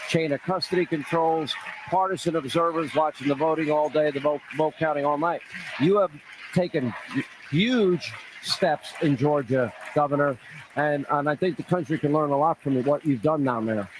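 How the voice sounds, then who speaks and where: A man's voice: fairly high pitch, normal speed, noisy background. A man hosting a TV news interview, asking emphatic questions with long lead-ups. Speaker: TV news host.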